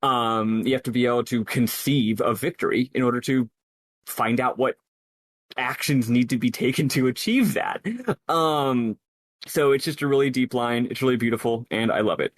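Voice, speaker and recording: A man with a medium-pitched voice speaks at normal speed, with no room sound in the recording. As a podcast co-host, he talks about a game earnestly and at length, analyzing it aloud and often starting over mid-thought.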